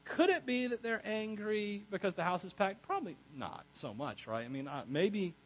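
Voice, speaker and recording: Male pastor, sermon, slightly high voice, husky, animated, laughs and asides. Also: normal speed, poor audio. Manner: animated, laughs often, self-correcting asides.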